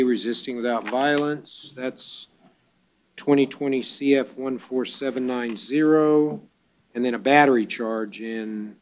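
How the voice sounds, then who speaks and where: A man presiding as judge at a court bond hearing, reading charges briskly and dropping dry wisecracks. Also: mid-range voice, a little mellow, slight background noise.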